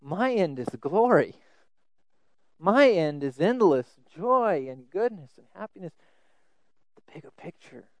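A man preaching a sermon, earnest, often repeating words as he stresses a point, swinging between loud emphasis and soft asides. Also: high-pitched, sing-song, measured pace, pauses often, dry recording, rough recording.

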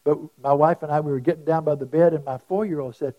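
A middle-aged man preaching, his voice sitting a touch high for a man. He tells stories and moves between loud stressed phrases and quiet, almost whispered asides. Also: steady tone, quick pace, muffled recording. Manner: storytelling, shifts from loud emphasis to hushed asides. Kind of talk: sermon.

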